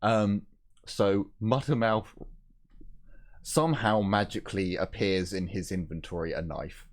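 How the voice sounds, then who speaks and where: A man running a tabletop game as game master, narrating haltingly with many pauses. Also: deep voice.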